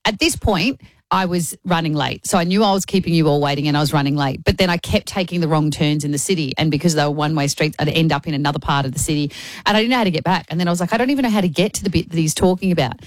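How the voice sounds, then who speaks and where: A woman co-hosting a radio show, telling a story in an animated, rambling way from the studio. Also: deep voice, quick pace, no room sound. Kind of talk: breakfast radio chat. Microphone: studio microphone.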